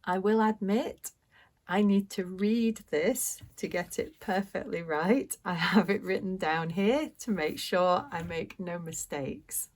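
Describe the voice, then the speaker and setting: A woman with a British accent teaching English pronunciation, speaking clearly and deliberately with pauses for learners to repeat. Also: mid-range voice. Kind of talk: slow pronunciation lesson.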